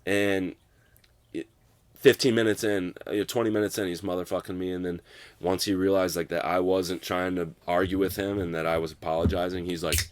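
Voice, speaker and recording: A young man in his twenties telling a long personal story in casual conversation, filling every pause with "like" and swearing freely. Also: sits low, little pitch movement, dry recording. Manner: rambling, fills with "like", profane. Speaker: guest.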